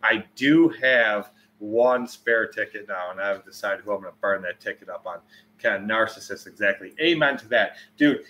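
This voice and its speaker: Low-voiced man rambling on a livestream. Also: moderate pace. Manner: rambling, swears freely, loud bursts when retelling. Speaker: livestreamer answering chat. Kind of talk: casual livestream chat.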